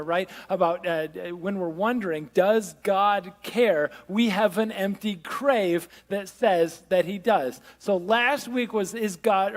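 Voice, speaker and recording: A male pastor giving a conversational sermon with self-deprecating humor, drawing the congregation in. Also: sits high. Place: large church hall. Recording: long reverb of a church hall.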